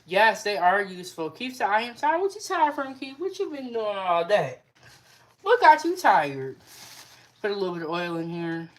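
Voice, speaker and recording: This young woman's mid-range voice is very animated and steady in pace. Hosting a casual cooking livestream from her kitchen at home, she chats and answers the live chat comments she reads out while cooking.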